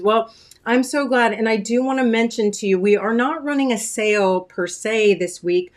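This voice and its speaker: A woman hosting a casual craft-studio livestream, greeting viewers by name with chatty, friendly talk and frequent ums, clearing her throat now and then. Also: mid-range voice. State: throat-clearing, choked up after dinner. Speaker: craft shop owner hosting a weekly livestream.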